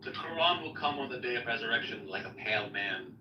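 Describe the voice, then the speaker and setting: A man hosting a casual debate stream, joking and reading texts aloud in an animated way. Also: mid-range voice, quick pace, muffled recording. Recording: echoey room from a distance, faint noise.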